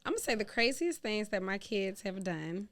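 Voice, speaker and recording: A middle-aged woman from Louisiana, a podcast guest, telling family stories in a laughing, exclamatory, animated way. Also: medium pitch, moderate pace. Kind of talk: casual storytelling chat.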